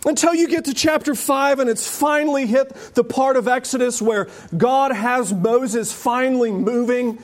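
A man preaching to his congregation with a high voice. He talks in an animated, joking way and slips into quoted voices as he explains the text. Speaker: pastor. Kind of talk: sermon.

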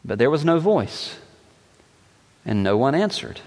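A man reading scripture aloud in a measured, slow way with dramatic pauses. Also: medium pitch, big pitch swings, darkish tone. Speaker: scripture reader. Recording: long echoing reverb.

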